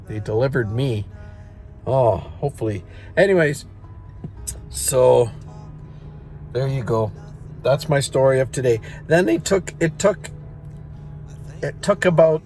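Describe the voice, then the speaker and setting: Rambling middle-aged man telling a story. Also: medium pitch. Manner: rambling, self-mocking, chuckles at own jokes. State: in back pain. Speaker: vlogger and songwriter. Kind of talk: casual storytelling to viewers.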